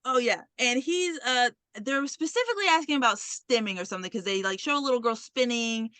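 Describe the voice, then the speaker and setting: A woman co-hosting a podcast in a casual film recap chat, telling scenes in a lively way and voicing characters. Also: fairly high pitch, brisk, clean tone, no room sound. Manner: lively storyteller, voices characters. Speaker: podcast co-host.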